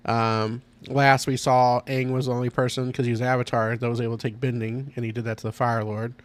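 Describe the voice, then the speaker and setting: A man chatting casually on his podcast, eager and rambling. He laughs often as he goes, and his voice sits at a middle pitch. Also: flat delivery, fairly quick, no echo. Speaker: podcast host. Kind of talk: casual chat.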